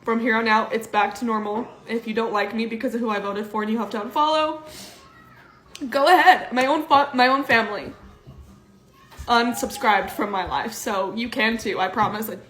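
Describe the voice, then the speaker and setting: A young woman making a vlog, earnest and halting, on the verge of crying as she talks. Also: fairly high pitch, fairly even intonation, a bit bright. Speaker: social media poster. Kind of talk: emotional vlog to camera. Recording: echoey room with music under it.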